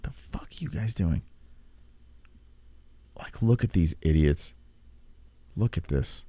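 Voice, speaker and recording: A man's voice: low-pitched, expressive, slow, dark tone, no room sound. A man in his thirties hosting a casual reaction stream, rambling with profane sarcasm. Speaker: podcast host.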